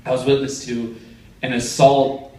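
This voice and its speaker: On a comedy theater stage, a young man does stand-up in a mid-range, unhurried voice, spinning stories and acting out the people in them with animated quoted voices. It's recorded from a distance in an echoey theater, with crowd laughter and a little hiss or hum.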